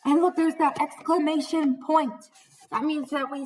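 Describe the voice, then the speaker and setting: A woman teacher in her thirties reading a storybook aloud to young children, animated, gasping, calling them friends. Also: high-pitched, takes it slowly, far from the mic.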